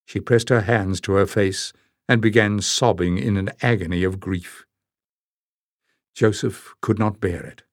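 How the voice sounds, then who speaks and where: A man with a lowish voice narrates a fantasy novel as an audiobook, telling the story at an unhurried, steady pace and slipping into character voices. It's scripted reading, recorded clean in a studio with no room sound.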